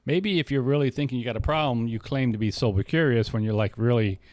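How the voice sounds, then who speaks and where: A man's voice: mid-range voice, fast talker, darkish tone, no room sound. Guy cohosting a sober podcast, rambles and restarts a lot, dry close mic sound. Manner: rambling, many restarts, quoting others in dialogue. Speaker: podcast co-host. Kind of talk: casual recovery podcast chat.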